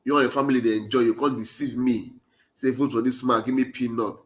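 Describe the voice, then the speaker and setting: A man speaks in a Nigerian Pidgin English accent, his voice medium in pitch, steady in tone, and a little fast. He's a political commentator delivering an impassioned monologue, rallying his listeners with phrases he keeps repeating.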